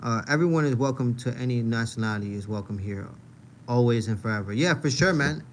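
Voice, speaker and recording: This Manhattan man with a New York accent hosts a casual livestream, reading and answering the chat at a slightly quick clip in a medium-pitched voice. There's a little hiss or hum on the audio, and he rambles, repeats phrases, and keeps saying "you know what I mean."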